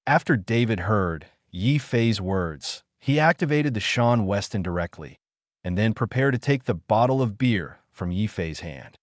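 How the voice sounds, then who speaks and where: Lively low-voiced male audiobook narrator. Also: measured pace, no echo, clean studio sound. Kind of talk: scripted narration.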